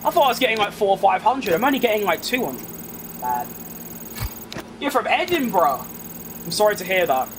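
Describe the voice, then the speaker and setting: Playing a racing game, a young man from England with a London accent streams casually and reads his chat out in a dry, self-deprecating manner. He speaks in a high, very lively voice, a little fast, with long pauses amid background noise.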